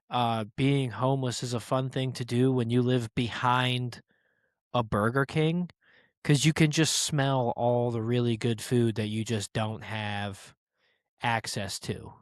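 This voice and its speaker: A man in his thirties hosts a comedy podcast, rambling through stories with casual swearing. His voice is smooth and clear, at a middle pitch, and it is recorded close and dry. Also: steady tone, slow, no room sound. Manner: rambling storyteller who swears casually and acts out quoted voices. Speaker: podcast host.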